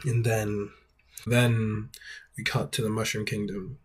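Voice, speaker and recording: A man's voice: on the low side, little pitch movement, takes it slowly, breathy edge. A man hosting a video essay, giving casual critical commentary in a wry, rambling way.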